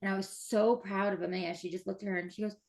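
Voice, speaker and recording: A woman's voice: medium pitch, fairly even intonation, fast, darkish tone. A woman in her thirties in casual heartfelt conversation, enthusiastic and gushing, with many fillers. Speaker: mother and breathwork practitioner.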